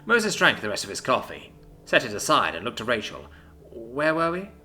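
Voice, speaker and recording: Lively, bright-voiced male story narrator. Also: a little fast. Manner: reads all characters himself, shifting pitch for dialogue. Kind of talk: scripted narration. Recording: soft music behind.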